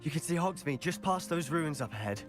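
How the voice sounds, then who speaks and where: An actor playing a confident teenage wizard student in a video game, well-spoken, wry and self-assured. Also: male voice, on the high side, expressive, brisk, lightly acted. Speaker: student companion. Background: game music.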